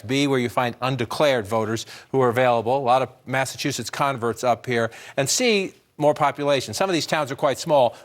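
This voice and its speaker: A man rattles through vote margins at a rapid clip, explaining as he goes and correcting himself mid-sentence. He speaks as an on-air election analyst in a TV news studio, with a mid-range voice. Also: mid-range voice. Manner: brisk, explanatory, thinks aloud with restarts. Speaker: election analyst at a touchscreen map. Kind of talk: live election-night analysis.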